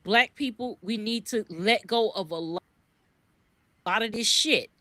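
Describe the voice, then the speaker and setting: A woman's voice: mid-range voice, a little slow, fairly bright tone, dry recording. A woman co-hosting a podcast, speaking in impassioned commentary, repeating words when worked up and swearing freely. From US East Coast. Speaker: podcast co-host.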